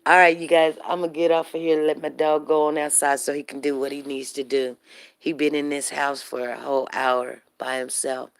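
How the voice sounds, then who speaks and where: A woman's voice: low voice, clean tone, no room sound. A woman vlogging at home into her phone, a little out of breath after a walk, chatting casually to her viewers. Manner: chatty, addresses viewers directly, talks to her dog. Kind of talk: casual live-stream chat while walking home. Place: at home, indoors.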